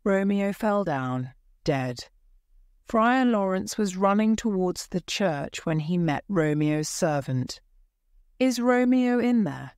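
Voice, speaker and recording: A woman reading a simple story aloud for English learners, slow and careful. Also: lowish voice, lively intonation, darkish tone, clear, resonant tone, no echo, clean studio sound. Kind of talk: slow graded-reader narration for English learners.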